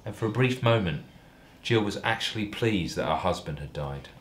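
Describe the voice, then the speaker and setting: A male comedian reads a parody story aloud with deadpan, mock-earnest delivery. His voice sits low but moves a lot, rising and falling for comic effect. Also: moderate pace, slight background noise.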